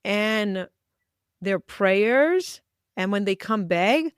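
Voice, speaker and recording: A woman's voice: medium pitch, expressive, very slow, clean tone, no echo. Host, woman: conversational, acts out quotes, resonant voice, close and dry. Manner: explains warmly, acts out quoted prayers. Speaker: podcast host. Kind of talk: conversational interview.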